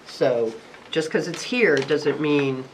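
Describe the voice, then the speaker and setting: Planning board member weighing in, mid-pitched voice, hesitant with lots of pauses. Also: slight background noise, poor audio. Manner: hesitant, many fillers. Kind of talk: board meeting remarks.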